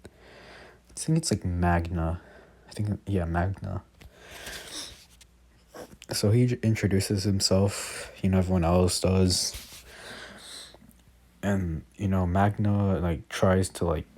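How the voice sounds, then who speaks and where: A man's voice: low voice, a little mellow. A young man casually improvising a fan story as a narrator, rambling with lots of "like" and self-corrections.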